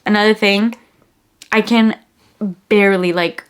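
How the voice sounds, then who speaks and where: A young woman vlogger with a congested, stuffy-nosed voice. She talks casually and gushes a lot, with plenty of "like" as she walks through her favorite perfumes. Her voice sits at an ordinary middle pitch. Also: steady tone, unhurried, clear, resonant tone. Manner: chatty and gushing, lots of "like". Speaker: beauty vlogger. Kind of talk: casual perfume review vlog. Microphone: camera-mounted mic.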